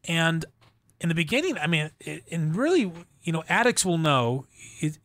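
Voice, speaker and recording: A middle-aged man telling his personal testimony as an interview guest, in an earnest, halting way with frequent restarts. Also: a little high, big pitch swings, fairly bright tone, no room sound. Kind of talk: emotional personal story in a faith interview.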